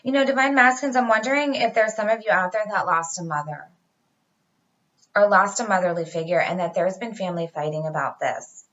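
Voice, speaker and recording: A woman's voice: medium pitch, fairly quick, fairly bright tone, highs cut off. A woman giving a casual tarot reading to her viewers, chatty and reassuring, talking straight to them. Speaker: tarot reader.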